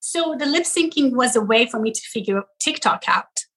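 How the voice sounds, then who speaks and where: A woman in her forties from Iran, chatting as an interview guest, animated and quick to laugh while telling stories. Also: fairly high pitch, rough recording. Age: 40s. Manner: animated storytelling, laughs often, many fillers. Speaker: guest, content creator. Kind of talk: casual interview chat.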